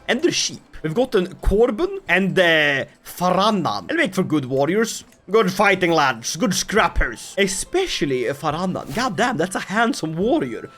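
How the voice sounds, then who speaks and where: A game commentator giving comedic strategy game commentary, full of sarcastic asides and laughs. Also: slightly rough. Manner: lively, swinging pitch with mock-dramatic outbursts.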